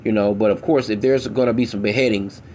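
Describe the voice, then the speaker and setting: A man reading scripture aloud and commenting on it in blunt, profane, emphatic street talk, slowing down deliberately for the old text. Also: lowish voice, fairly even intonation, darkish tone, slight background noise.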